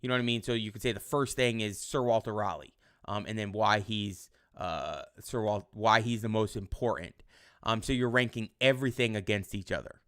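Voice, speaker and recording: A male teacher giving casual online class instructions in a relaxed, rambling way with many fillers. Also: on the low side, moderate pace.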